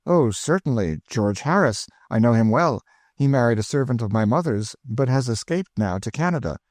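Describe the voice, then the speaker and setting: An earnest young gentleman, read by a man. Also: mid-range voice, lively intonation, moderate pace, no echo, clean studio sound, pitched above the performer's own voice, lightly acted.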